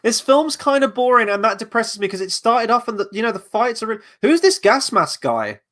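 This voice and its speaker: Male watchalong host, slightly high voice, loose rambling commentary, casual swearing. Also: sing-song, fairly quick, fairly bright tone. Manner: reads out and answers chat questions. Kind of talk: live movie watchalong commentary.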